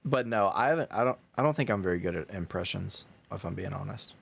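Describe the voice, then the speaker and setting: A man's voice: lowish voice, lively intonation, a little fast, vocal fry, breathy edge. A young man co-hosting a casual podcast chat, rambling and hesitant. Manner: rambling, hesitant, self-deprecating. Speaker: podcast co-host.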